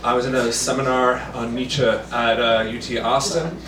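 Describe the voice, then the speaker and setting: A man at an open mic introducing his song, polite and halting with many pauses. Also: mid-range voice, fairly even intonation, a crowd in the background. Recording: roomy, distant, with background noise.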